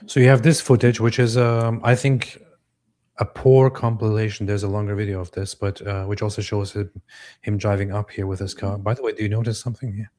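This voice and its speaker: A man with a fairly low voice gives live commentary on court footage. He talks in a deliberate, measured way and restarts some phrases. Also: flat delivery, a little mellow. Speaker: co-host of a live stream.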